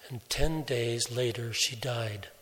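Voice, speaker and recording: A man preaching a sermon, telling a story slowly and deliberately, softening his voice for quoted speech. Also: mid-range voice. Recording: long hall reverb.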